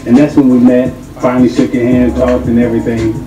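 A middle-aged man telling a story in an animated way, acting out the voices of the people in it and swearing freely. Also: medium pitch, fast talker. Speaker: podcast guest telling a story. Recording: roomy clip audio with music under it.

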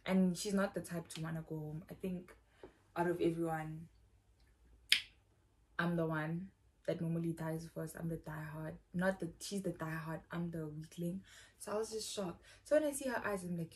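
A young woman with a South African accent tells a personal story in a loose, rambling way. She fills her talk with slang and keeps saying "bro". Her voice sits a little low for a woman. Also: normal speed, a little mellow. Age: young adult. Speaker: YouTuber. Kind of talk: casual storytime.

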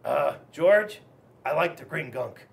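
A man voicing a slow, contented male snail who loves eating slime, with a drawling manner. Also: fairly high pitch, lively intonation, gravelly, recorded from a distance, pitched below the performer's own voice, heavily acted.

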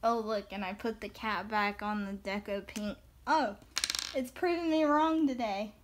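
A woman's voice: medium pitch, noisy background. A woman in her thirties, from the American South, chatting casually and giggling as she colors for her viewers. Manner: chatty, giggly, slow-paced. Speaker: coloring video host. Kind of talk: casual chat while coloring.

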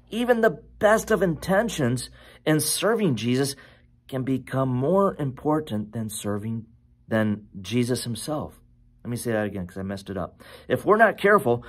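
A man preaching a sermon as pastor, with animated, conversational storytelling and questions to his listeners. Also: medium pitch, husky. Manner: animated storytelling, self-correcting.

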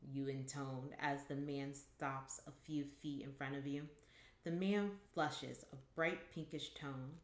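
A woman reading a short story aloud at home in a calm, measured way. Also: low-pitched. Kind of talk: audiobook-style story reading. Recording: echoey room.

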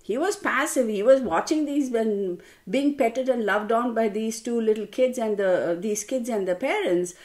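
Chatty woman with a fairly high voice. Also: normal speed, few pauses, a little mellow. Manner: chatty, rambling, addresses viewers as y'all. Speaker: tarot reader. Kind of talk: casual storytelling to viewers.

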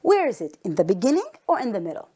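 Woman, english teacher, lesson for young kids, lively sing-song delivery, encouraging, repeats words. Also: a little high. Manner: encouraging, slow and clearly enunciated, repeats words. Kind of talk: broadcast lesson for young children.

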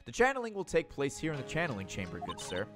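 A man's voice: mid-range voice, wildly swooping pitch, fast talker, over music. A man voicing a stern, haughty older woman who works as a spirit medium, speaking formally while reading game dialogue aloud.

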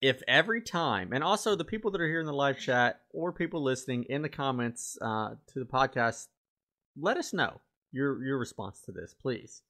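Lively-voiced man co-hosting a podcast. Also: mid-range voice, moderate pace. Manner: playful, posing questions, trailing off softly. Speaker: podcast co-host. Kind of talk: casual chat.

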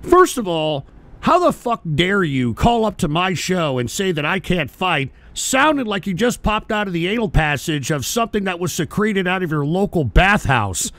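A man's voice: sits high, very animated, normal speed, fairly bright tone, no echo, heavily acted. A man hosting a comedic call-in radio bit in character, brash and crude, throwing boastful insults at callers.

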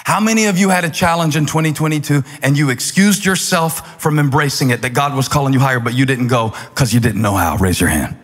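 A pastor preaching a sermon with fervor, building to shouted, repeated refrains in a large church auditorium. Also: male voice, fairly high pitch, fast, few pauses. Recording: long hall reverb.

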